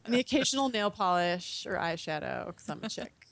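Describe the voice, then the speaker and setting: A woman's voice: mid-range voice, lively intonation, a little fast. A young woman in casual chat as a podcast guest, laughing often and acting out her own reactions. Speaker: podcast guest from a gaming website.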